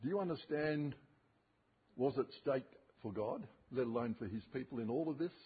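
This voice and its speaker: A male preacher giving an expository sermon, reading scripture slowly and emphatically, with dramatic rises and drops in his voice. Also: medium pitch, expressive, husky. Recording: tinny phone-like sermon recording.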